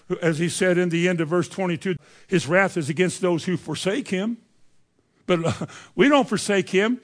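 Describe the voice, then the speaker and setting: Fervent high-voiced preacher. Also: male voice. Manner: emphatic, rhetorical questions to the congregation. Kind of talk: sermon.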